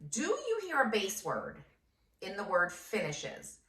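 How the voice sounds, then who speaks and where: A woman's voice: mid-range voice, wildly swooping pitch, a little slow, bright, forceful tone, far from the mic. A first grade teacher, a woman, giving a patient phonics lesson and sounding out words syllable by syllable. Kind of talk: slow phonics lesson for children. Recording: echoey room, voice off-mic.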